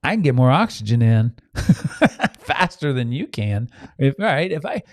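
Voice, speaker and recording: A man's voice: mid-range voice, very animated, a little slow, dry recording, studio quality. A man hosting a motivational podcast. He talks earnestly with restarts and asides to listeners, and sometimes acts out inner voices. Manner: frequent restarts and audience asides. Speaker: podcast host, self-help speaker.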